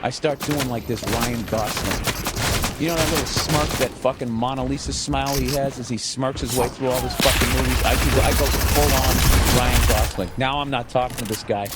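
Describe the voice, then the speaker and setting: A male comedian tells a profane, animated story in a mid-range voice. Steady gunfire and clicking from a game sound clearly behind him. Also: mid-range voice, a little fast, heavy background noise. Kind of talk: storytelling over gameplay.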